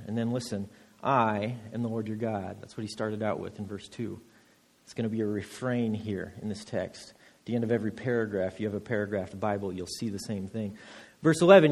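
A man pastor giving a sermon, reading scripture slowly and then preaching with rising emphasis and repeated words. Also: lowish voice, darkish tone, breathy edge. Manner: repeats words when restarting phrases. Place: church.

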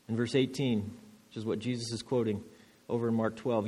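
A man pastor giving a sermon, reading scripture slowly and then preaching with rising emphasis and repeated words. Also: mid-range voice, darkish tone, slightly rough. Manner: repeats words when restarting phrases. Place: church.

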